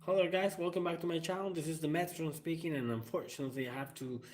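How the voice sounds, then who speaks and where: A pompous male video host makes a theatrical announcement, as a man puts him on. The voice sits a little higher than usual and has a staged, mock-solemn delivery. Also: steady tone, fast talker, a little mellow, lightly acted.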